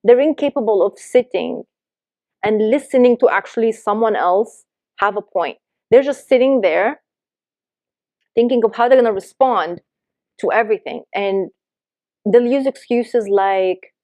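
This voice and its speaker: A woman's voice: on the high side, normal speed, darkish tone, dry recording. A woman life coach giving earnest, emphatic advice to camera, acting out the lines people say.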